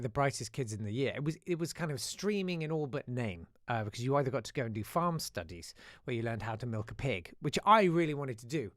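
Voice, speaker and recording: A man's voice: medium pitch, no echo, clean studio sound. Guy hosting a show, wry rambly story with lots of asides, voice goes up and down a lot. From South-east London. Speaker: host. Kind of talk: casual live-show storytelling.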